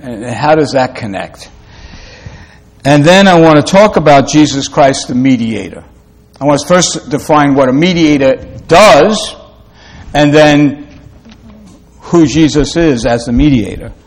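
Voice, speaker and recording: A man preaching a sermon in a slow, halting way, with many fillers and restarts. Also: a little high, expressive. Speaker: pastor.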